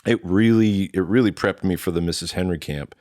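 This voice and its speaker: Casting note: low-voiced male drummer in his thirties, dry close sound, animated storytelling. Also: brisk, no echo. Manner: animated, quotes himself and others in lively voices. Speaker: drummer, interview guest. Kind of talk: casual storytelling chat.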